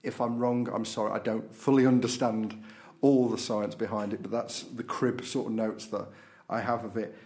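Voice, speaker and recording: A man's voice: on the low side, little pitch movement, normal speed, darkish tone. A man hosting a podcast, chatting casually through local and political news with frequent fillers. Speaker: podcast host.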